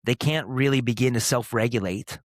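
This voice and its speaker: A man in his thirties hosting a podcast, speaking earnestly and emphatically in short, punchy phrases with pauses. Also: medium pitch, no room sound, clean studio sound. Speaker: podcast host. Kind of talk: motivational podcast monologue.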